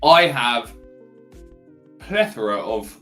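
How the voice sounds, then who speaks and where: A man co-hosting a casual fantasy football podcast, calmly laying out his options one by one with a dry sense of humour. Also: medium pitch, slow pace, soft background music. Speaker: podcast co-host.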